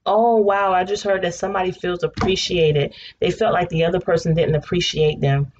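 A woman giving a casual tarot reading, chatty and blunt, swearing freely and breaking into excited laughter. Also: lowish voice, normal speed. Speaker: tarot reader. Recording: slightly dull home recording with faint noise.

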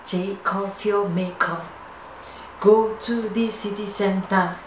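A young woman with a Nigerian accent talks casually through a skincare routine, chatty and playful, leaning on "like" as she goes. Her voice sits at an everyday middle pitch. The room around her is roomy and echoey, with a faint hiss underneath. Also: steady tone, slow. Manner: chatty and playful, often says "like". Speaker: beauty vlogger. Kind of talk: casual skincare tutorial chat.

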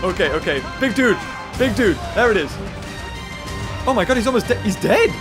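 A young man commentating a game playthrough, excitable and laughing often. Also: high voice, moderate pace. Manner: laughs often, cheers at the screen. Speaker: gaming video host. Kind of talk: excitable let's-play commentary. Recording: commentary over game music.

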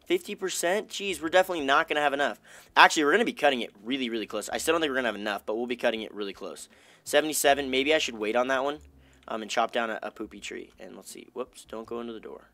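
Young male gamer, casual self-talk commentary, mid-pitched voice, dry close sound. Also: fast talker, dry recording. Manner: chatty, self-talking, upbeat, bursts of excitement. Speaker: gaming YouTuber.

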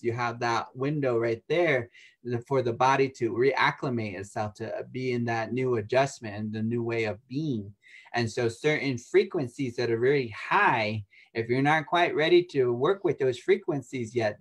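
A man talking in an easy, conversational way as a guest in an interview. His delivery is animated, with frequent laughter, and he acts out other people's voices when he quotes them. His pitch sits in the middle range. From United States. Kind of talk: casual spiritual talk.

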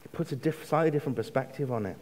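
An English man delivers a sermon in an ordinary mid-pitched voice, measured and deliberate. He slows right down for emphasis and softens to almost a hush when quoting. The long reverb of a church hall trails after every phrase. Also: slight background noise. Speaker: preacher.

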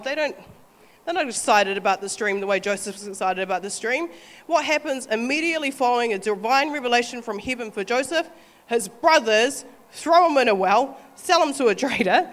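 Lively New Zealand woman preaching. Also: a little high, in a large hall. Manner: animated, acts out quoted voices, laughs often. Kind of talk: sermon.

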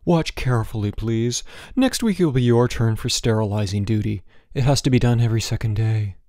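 A man's voice: mid-range voice, a little fast, darkish tone, no echo, studio quality, lightly acted. A man voicing a prim, rule-bound teenage boy who fusses over germs. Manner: fussy, bossy, prim.

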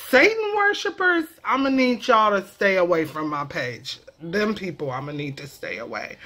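A woman vlogger explaining her way of talking in a casual comedic vlog, with animated, profane, playful banter. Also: mid-range voice.

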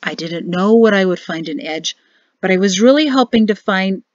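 Woman narrator voicing earnest flustered young man, pleading, slightly lower, dry sound. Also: expressive, moderate pace, dry recording, lo-fi sound, natural voice. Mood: hesitant.

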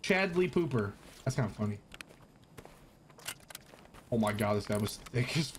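A male streamer talking with a teammate through a shooter match. He is excitable and swears constantly, and his pitch jumps all over the place. Faint noise sits under the voice. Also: normal speed. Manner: excitable, swears a lot, shouts mid-fight. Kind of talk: gaming chat with teammate.

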